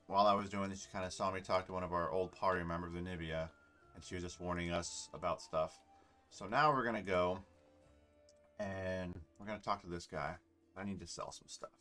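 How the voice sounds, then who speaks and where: A man's voice: sits low, moderate pace, pauses often, a bit bright. A man casually commenting on and reading aloud from a game, rambling with fillers and self-corrections. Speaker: gamer playing and narrating.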